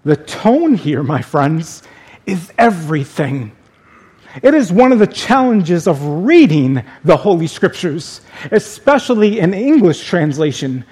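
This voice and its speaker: A man preaching a sermon as pastor, speaking slowly and deliberately with dramatic pauses. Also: high voice, darkish tone, breathy edge.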